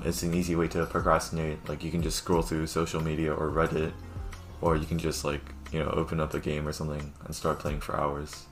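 Young male co-host, deep voice, loose and chatty with fillers, recorded on a Zoom call at home. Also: fairly bright tone. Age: young adult. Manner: chatty, laughing, lots of fillers. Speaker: podcast co-host. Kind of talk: casual podcast chat.

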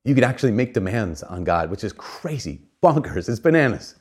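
Male preacher, low-pitched voice, earnest animated sermon delivery, casual asides, frequent restarts. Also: a little fast, slightly rough. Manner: repeats and restarts phrases.

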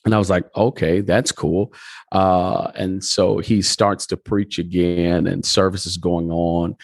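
Deep husky man telling a story. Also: measured pace, no echo, clean studio sound. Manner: animated storyteller, acts out dialogue. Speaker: pastor. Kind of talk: conversational interview storytelling.

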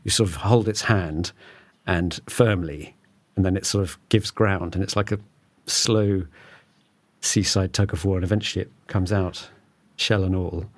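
Male podcast host; husky, low, chatty and self-deprecating, dry studio sound. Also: steady tone, a little slow, no echo. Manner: chatty, self-mocking, laughs often. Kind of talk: casual studio chat.

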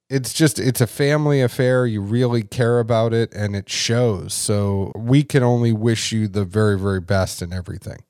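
A man's voice: medium pitch, darkish tone, no room sound, clean studio sound. A man hosting an interview, chatty and full of enthusiastic asides. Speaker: interview host. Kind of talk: casual interview chat.

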